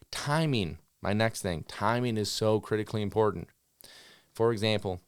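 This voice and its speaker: Man, dog trainer, smooth lowish voice, dry close sound, direct coaching, mimics commands. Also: dry recording. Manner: acts out owners' commands and dogs' thoughts in quick voices. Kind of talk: instructional talk.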